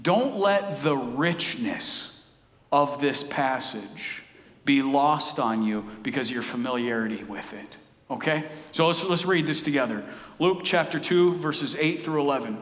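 A man's voice: medium pitch, animated, unhurried. A male pastor preaching a sermon in an earnest, conversational way, often restarting his phrases and asking the listeners questions. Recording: echoey hall with long reverb.

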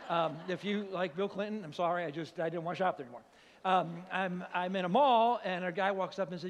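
An older man preaches in a church, spinning a funny story and throwing himself into every voice. His voice sits high, and a long reverb trails after him. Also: fast. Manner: animated comic storytelling, acts out voices. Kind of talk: storytelling sermon.

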